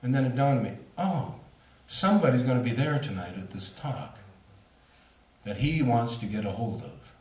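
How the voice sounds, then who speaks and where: A man's voice: medium pitch, expressive, normal speed, darkish tone. A middle-aged man speaking to an audience, telling a personal story in a candid, self-mocking way with laughs. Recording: roomy hall, voice from far off.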